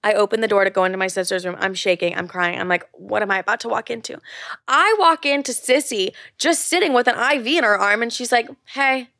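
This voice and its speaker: Fast, with few pauses, a twentysomething woman running her own solo podcast chats casually through candid stories, saying "like" constantly and cursing often. Her mid-range voice has a sharp tone, captured in a dry, clean studio recording.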